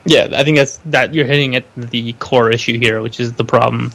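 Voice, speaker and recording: A man's voice: medium pitch, steady tone, fairly quick, gravelly, a bit bright, rough recording. A man co-hosting a casual podcast, teasing and bantering playfully. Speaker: podcast co-host.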